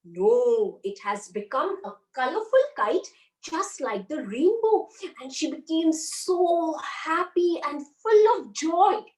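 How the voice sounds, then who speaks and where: A woman teacher with an Indian accent telling a story to young children, animated and always asking them questions. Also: high voice, takes it slowly. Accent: Indian English. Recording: roomy, far from mic.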